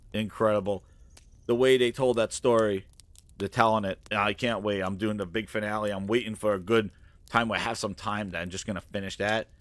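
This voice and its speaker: A man hosting a gaming channel, ranting in a casual, mocking, excitable way with loose fillers. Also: on the low side, dry recording.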